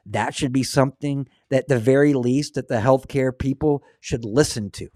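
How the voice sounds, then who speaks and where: A man hosting a casual religious talk show, speaking with earnest, excitable preaching energy. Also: mid-range voice, moderate pace, dry recording, clean studio sound. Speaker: host.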